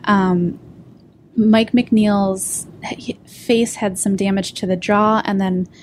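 A woman reporter on a podcast, recounting the details of a case in a measured way, with frequent ums. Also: mid-range voice, fairly even intonation, a little hiss or hum. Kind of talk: podcast discussion.

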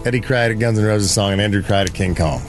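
A man's voice: lowish voice, quick pace, soft background music. A man hosting a radio show, bantering casually and running a caller vote in the studio. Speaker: radio host.

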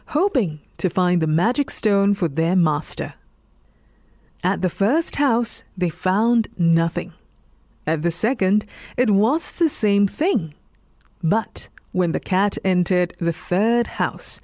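Slow, soothing bedtime storyteller woman. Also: mid-range voice, no room sound, clean studio sound. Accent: Singaporean English. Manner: slow, soothing, lively intonation.

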